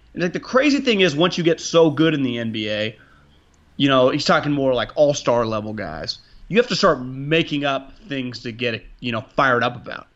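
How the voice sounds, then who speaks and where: A man's voice: medium pitch, fairly bright tone, muffled recording. A man hosting a casual sports podcast, rambling and restarting his sentences, with frequent swearing. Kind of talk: casual sports talk with profanity.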